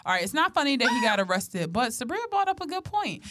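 A woman's voice: a little high, big pitch swings, fast talker, background noise. A young woman co-hosting a podcast in casual chat, blunt and slangy, often laughing. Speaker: podcast co-host.

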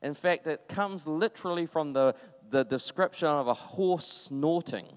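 A man's voice: on the high side, a little slow, in a large hall. A man preaching a sermon in a conversational, impassioned way, with sudden emphatic bursts.

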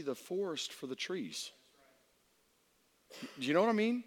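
High bright-voiced preacher in a big hall. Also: male voice, unhurried. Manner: animated storyteller, acting out voices and shouting for effect. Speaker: pastor. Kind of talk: sermon with a personal story. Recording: long reverb of a large hall.

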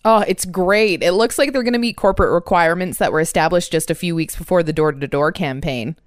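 A woman doing comic mock-news field reports in a chatty, playful way. Her voice is smooth and clear, with dry, close sound. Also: lowish voice, fairly quick, dry recording. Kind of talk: comic in-character banter.

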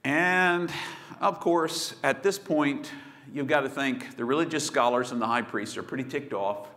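A man preaching a sermon, telling the story with swings between loud bursts and hushed asides. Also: medium pitch, measured pace. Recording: long hall reverb.

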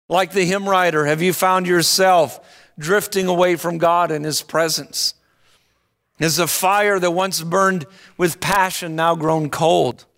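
A man preaching a sermon, telling a story in an earnest, deliberate way before turning to ask the listeners questions. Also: fairly high pitch, steady tone, over music. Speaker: pastor.

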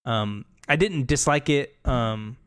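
A man's voice: medium pitch, slow, a bit bright, clear, resonant tone. A man in casual chat about a video game, talking loosely, swearing freely and acting out characters' lines. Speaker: podcast co-host.

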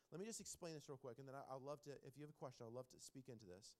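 A man leading a small-group bible study as pastor, earnest and repeating words for emphasis, often dropping to a hushed tone. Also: medium pitch, fast talker. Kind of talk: teaching a bible study with questions.

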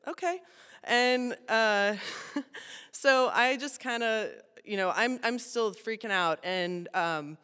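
Bright-voiced young woman telling a story. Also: on the high side, slow pace, smooth. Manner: chatty and self-mocking, full of "you know" and laughter. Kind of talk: personal storytelling to an audience. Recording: long hall reverb.

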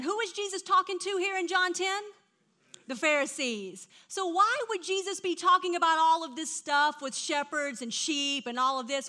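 High, bright woman preaching. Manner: animated storytelling, swings from hushed to loud. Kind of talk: sermon.

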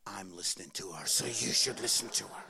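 A man voicing God as a calm, deep voice that quietly advises him. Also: brisk, gravelly, a crowd in the background. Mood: calm, advising.

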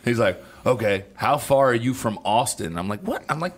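A man's voice: mid-range voice, animated, moderate pace. A man co-hosting a casual radio chat show, telling stories animatedly and acting out both sides of phone calls. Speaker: co-host. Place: radio studio.

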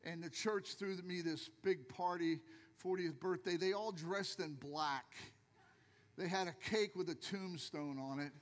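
High-voiced, animated male pastor. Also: a little slow, long reverb tail. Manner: jokey, animated storytelling, acts out voices. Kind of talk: sermon. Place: church.

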